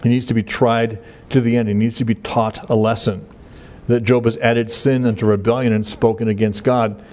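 A man gives a verse-by-verse Bible teaching in a relaxed, conversational voice. He talks in a halting way, with many fillers and restarts. His pitch sits in an ordinary middle range.

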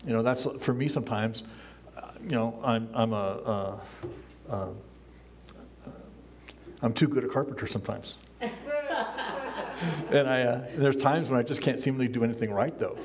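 A man's voice: medium pitch, normal speed, pauses often, crowd noise. Older man preaching casually from a pulpit. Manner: casual, conversational preaching with frequent chuckles; acts out quoted lines in a raised voice. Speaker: pastor. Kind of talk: sermon. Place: church, speaking from a pulpit.

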